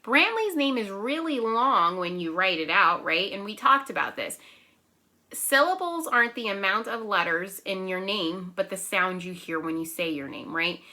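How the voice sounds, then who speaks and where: A young woman teaching a remote circle-time lesson to small children, gentle and encouraging, often checking in with "right?" and slowly counting and clapping out syllables. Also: medium pitch. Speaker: preschool teacher.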